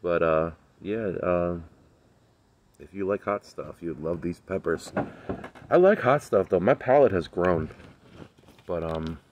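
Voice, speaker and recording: A relaxed man chatting to his viewers from his backyard garden, his voice sitting very low. He talks in an easygoing, slangy way, full of ums and uhs, as if filming on a phone outdoors. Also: measured pace, pauses often, highs cut off, slight background noise. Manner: laid-back, slangy, lots of fillers. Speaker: vlogger. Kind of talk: casual chat.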